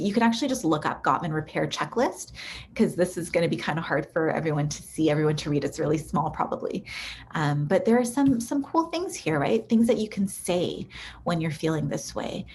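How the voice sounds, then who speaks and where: A woman relationship therapist giving a recorded workshop in a conversational teaching style, often checking in with "right?" and filling pauses with "um". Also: low voice, animated, darkish tone, slight background noise. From Canada.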